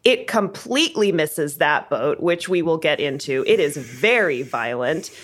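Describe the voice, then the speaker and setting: A woman's voice: sits low, expressive, a little slow. A woman co-hosting a film podcast in casual chat, upbeat and chatty, and she laughs often. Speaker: podcast co-host.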